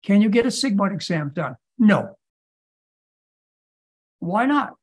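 A man's voice: high voice, sing-song, slow, slightly rough. A man who is a physician, giving lecture-style answers in a podcast Q&A and pressing his points with insistent rhetorical questions. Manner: emphatic, hammering rhetorical questions.

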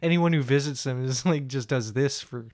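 A man's voice: mid-range voice, moderate pace, a little mellow. A man co-hosting a comedy podcast, riffing on his partner's stories with frequent laughter and swearing. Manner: laughs often, riffs and jokes back. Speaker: podcast co-host. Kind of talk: crude comedic banter.

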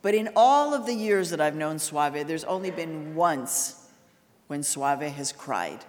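A woman's voice: low-pitched, animated, slow pace. A woman giving a public lecture, telling a story in an earnest way and raising her voice for emphasis. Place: large lecture hall. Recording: long hall reverb.

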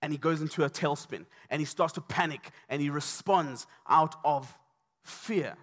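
A man preaching a sermon, passionate and repetitive, building to shouts. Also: on the high side, normal speed. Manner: impassioned, repetitive, rising to shouts. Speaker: pastor.

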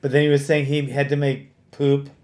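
A middle-aged man hosting a podcast, telling stories in casual chat, animated and full of fillers and restarts. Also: medium pitch, a little fast.

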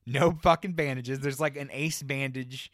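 A man's voice: mid-range voice, moderate pace, no echo, clean studio sound. Profane, rambling male podcast co-host. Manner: profane, rambling, animated retelling. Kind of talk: casual storytelling chat.

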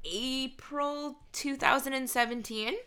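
A woman's voice: high voice, steady tone, slow, pushed and bright, clear, resonant tone. A woman comedian co-hosting a podcast, talking casually with lots of fillers and restarts. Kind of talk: casual chat.

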